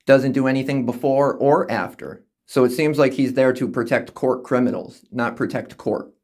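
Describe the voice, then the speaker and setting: Outdoors by the street, a man narrates his own video of a courthouse, confronting and ridiculing people on the public sidewalk with biting sarcasm. He's a camera-toting activist whose mid-range voice is fairly even in intonation and darkish in tone, at a moderate pace.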